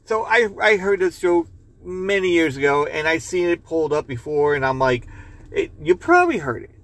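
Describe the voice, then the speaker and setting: A podcast host with a fairly high, slightly bright voice talks at a moderate pace. He rambles loosely through casual chat, swearing, reading a joke aloud and laughing at his own jokes.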